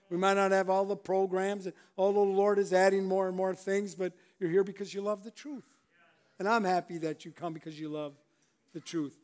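A male pastor giving a conversational sermon, often chuckling and restarting his sentences. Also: high-pitched.

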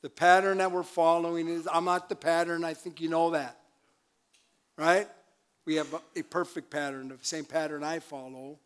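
A man's voice: on the high side, little pitch movement, normal speed, smooth. An older man, a pastor, preaching a sermon in a church, chatty with laughing asides and calls for amen. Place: church sanctuary.

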